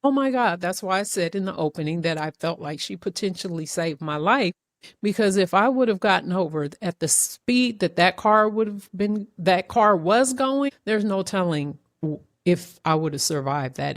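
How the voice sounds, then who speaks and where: A woman hosting a podcast, telling a story in an animated, emotional way with many restarts. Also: fairly low pitch, moderate pace, no echo, studio quality. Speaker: podcast host. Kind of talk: casual interview chat.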